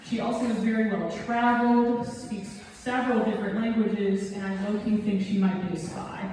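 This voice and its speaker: A woman's voice: medium pitch, steady tone, normal speed, recorded from a distance, noisy background. Woman telling a comic story on stage. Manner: self-deprecating comic timing. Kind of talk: live storytelling performance. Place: theatre stage. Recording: echoey hall recorded from afar. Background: audience laughter.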